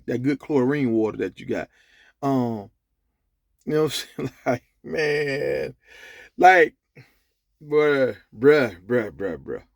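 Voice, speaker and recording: A man giving a casual commentary rant, animated and profane, telling stories to make his point. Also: mid-range voice, no echo, clean studio sound. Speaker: sports commentator.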